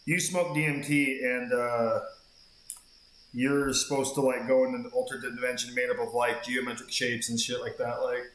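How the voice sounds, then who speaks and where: A man's voice: medium pitch, flat delivery, measured pace, pauses often, a bit bright, reverberant. A man streaming a game, telling a long rambling story in casual chat and swearing freely. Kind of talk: casual chat while gaming.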